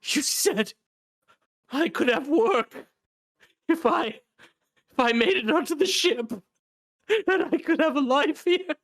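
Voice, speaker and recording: A man voicing a crawling one-footed male beggar, whiny and desperate in a high strained voice. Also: expressive, takes it slowly, pauses often, a bit bright, no echo, studio quality, full character voice. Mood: pleading.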